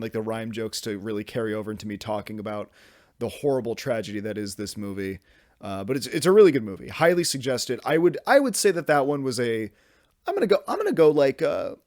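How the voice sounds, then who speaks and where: Young male podcast host, rambling animated solo chat, dry close-miked sound. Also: medium pitch, no echo. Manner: rambling, animated, self-interrupting, swears casually. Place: home room at his desk.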